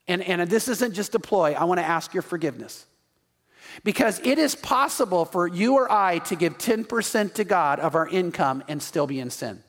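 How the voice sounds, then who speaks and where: A man's voice: sits high, expressive, normal speed, a bit bright, long reverb tail. A male pastor preaching a sermon with emphatic rhetorical questions, reading Scripture aloud.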